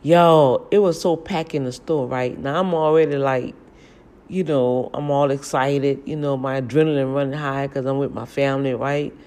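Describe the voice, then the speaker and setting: A middle-aged woman, chatting casually in a storytelling vlog from a home kitchen, animated and laughing at herself. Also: very deep voice, moderate pace. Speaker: vlogger.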